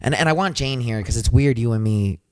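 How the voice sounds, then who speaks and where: A young man co-hosting a casual podcast, reading fan fiction aloud and reacting with loud, animated exclamations. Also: medium pitch, brisk, no echo, studio quality. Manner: animated, reacts with loud exclamations, reads lines in put-on voices. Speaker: podcast co-host. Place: small home studio.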